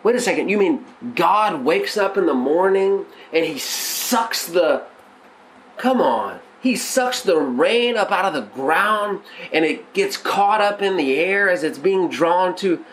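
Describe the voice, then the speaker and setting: A male pastor teaching on a devotional podcast, conversational with many restarts, swinging into excited, animated exclamations. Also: high-pitched, slow, a little hiss or hum, poor audio.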